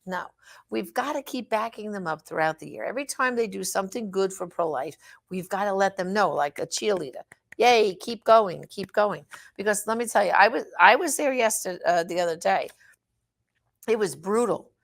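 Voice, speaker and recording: A woman's voice: mid-range voice, lively intonation, fairly quick, gravelly. A woman hosting an advocacy show, speaking straight to her listeners in an emphatic, exhorting way with rhetorical questions. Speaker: host of a pro-life advocacy show. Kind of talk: direct address advocacy talk.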